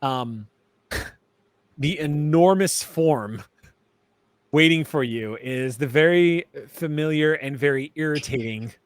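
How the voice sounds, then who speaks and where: A man narrating a tabletop game as game master, relaxed and chatty with many fillers. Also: fairly high pitch, slow, pauses often, smooth, no echo.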